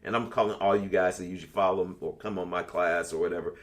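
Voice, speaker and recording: A man's voice: low voice, steady tone, fast. A man in his sixties leading an online spiritual class, talking casually and bluntly, swearing freely as he tells stories. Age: 60s. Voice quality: blunt, profane, storytelling. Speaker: class leader.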